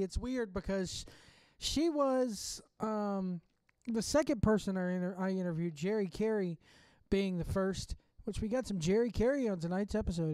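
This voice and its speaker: A man's voice: high voice, dark tone, clean tone, no room sound. A man hosting a wrestling fan podcast, asking long loose questions and recapping with rambling restarts. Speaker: podcast host. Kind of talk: casual interview and recap.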